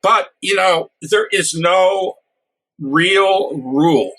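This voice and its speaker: An older man, a guest author, talking casually with frequent pauses and wry humor. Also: high-pitched, sharp tone. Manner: hesitant, many uhs and restarts, wry humor. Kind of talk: casual podcast interview.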